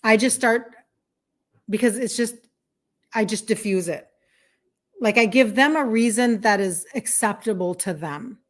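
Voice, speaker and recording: A woman's voice: on the high side, a little slow, pauses often. A chatty woman in her fifties talking live to her viewers. She is an encouraging health coach who talks loosely, with plenty of fillers. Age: 50s. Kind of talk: casual live-stream chat, reading viewer comments.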